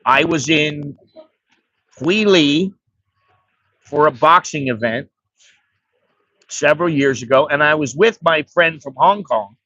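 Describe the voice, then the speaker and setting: A man's voice: fairly high pitch, slow, pauses often, pushed and bright, no room sound. An American man telling a rambling, profane story in a blunt, casual way as an expat vlogger. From United States. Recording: dry, slightly dull recording.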